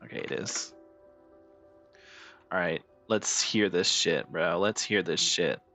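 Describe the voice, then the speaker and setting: A man streaming a game live, chatting casually and excitably with his viewers and swearing freely. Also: sits low, slow, faint music behind. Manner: profane, excitable, talks to chat.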